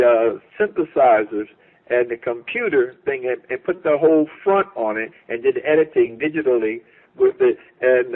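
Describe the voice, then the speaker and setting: A man, a music producer and songwriter, reminiscing in an interview, telling stories with lots of repeats and restarts. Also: mid-range voice. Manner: animated storyteller who repeats and restarts phrases. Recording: tinny phone line.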